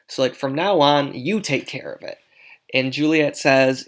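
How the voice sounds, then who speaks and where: A man's voice: medium pitch, measured pace. A man teaching a lesson, casually explaining a play with frequent check-ins.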